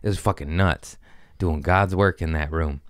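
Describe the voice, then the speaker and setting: A man's voice: low voice, fairly even intonation, normal speed, dry recording, studio quality. A man hosting a podcast, riffing in a jumpy, scatterbrained comic monologue and mocking himself as he loses his thread. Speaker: podcast host. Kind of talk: rambling comedic monologue.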